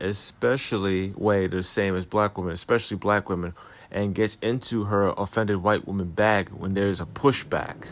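A man's voice: on the low side, a bit bright. A man giving casual celebrity gossip commentary, reading articles aloud with sarcastic, profane asides. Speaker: commentary host.

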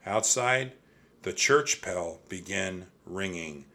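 A man reading a children's chapter book aloud as narrator, with expressive storytelling. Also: on the low side, unhurried.

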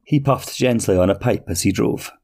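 A man hosting a podcast and narrating a fairy tale in a slow, measured storytelling manner. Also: fairly low pitch, darkish tone.

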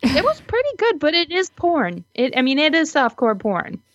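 A woman co-hosting a podcast in casual chat, animated and giggly, with drawn-out reactions. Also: high-pitched, no echo. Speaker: podcast co-host. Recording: slightly dull, dry recording.

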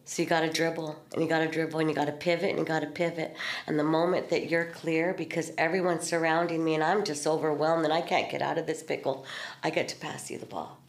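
A woman's voice: deep voice, level tone, fast. Earnest middle-aged woman, echoey room. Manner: earnest, storytelling, spiritual talk with swearing and laughs. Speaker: podcast host. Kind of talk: candid heartfelt conversation.

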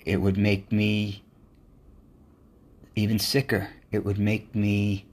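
A man's voice: on the low side, monotone, takes it slowly. A man hosting a motivational podcast, speaking in an earnest, encouraging monologue. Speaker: podcast host.

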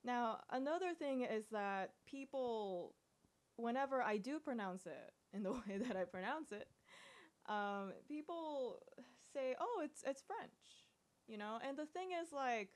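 A woman chatting casually as a podcast co-host, reflective and quick to laugh. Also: on the high side, expressive. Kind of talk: casual chat.

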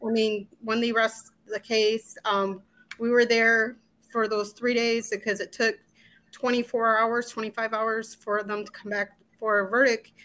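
A middle-aged woman, an interview guest, recounting a personal ordeal in a halting way with restarts and quoted asides. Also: on the high side, flat delivery, a bit bright. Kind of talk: emotional personal recollection.

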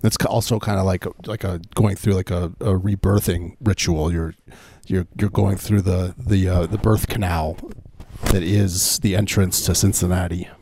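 A man co-hosting a podcast, rambling in mock-earnest, halting casual banter. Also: low voice, fairly even intonation, dark tone, slight background noise. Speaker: podcast co-host.

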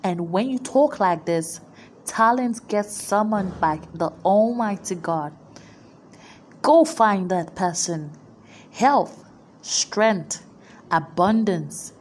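A woman delivers a motivational sermon at a slow, deliberate pace, leaning hard on repeated declarations. Her delivery is emphatic, with dramatic pauses between lines. A faint hum of background noise sits under her voice. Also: on the low side, expressive. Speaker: preacher.

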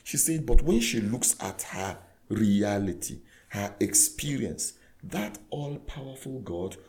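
Gravelly low-voiced clergyman. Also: slow. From Nigeria. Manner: earnest, animated retelling that acts out dialogue. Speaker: clergyman guest. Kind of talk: conversational storytelling.

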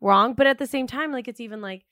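A woman's voice: a little high, quick pace, pushed and bright, no echo, studio quality. Hesitant young woman chatting casually. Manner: hesitant, filler-heavy, many "like"s. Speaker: podcast co-host. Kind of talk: casual chat.

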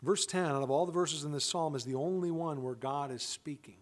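A man with a high voice delivers a sermon to his congregation. He presses his points emphatically and keeps posing rhetorical questions. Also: fairly quick. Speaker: pastor; father of children.

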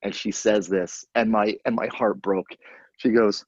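Husky lo-fi podcast host, a man. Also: fairly low pitch, a little slow, no room sound. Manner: animated storyteller, excitable. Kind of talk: casual podcast chat. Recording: dull, lo-fi dry sound.

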